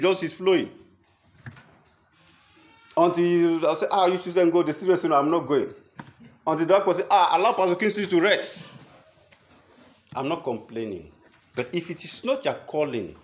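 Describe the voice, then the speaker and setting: A man, a pastor, preaching a sermon in a lively storytelling way, acting out the people he quotes. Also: mid-range voice, a little hiss or hum.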